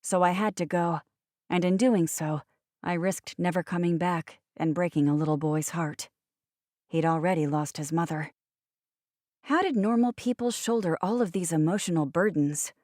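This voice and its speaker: A woman's voice: fairly low pitch, moderate pace, darkish tone, no echo, studio quality. Wry woman narrating an audiobook. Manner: wry, sardonic asides. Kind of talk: first-person audiobook narration.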